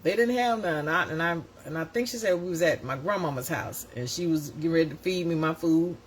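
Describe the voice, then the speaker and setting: A woman, hosting and telling a story in a casual, animated way, often laughing and acting out voices. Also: deep voice, a little fast, a little hiss or hum. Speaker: host.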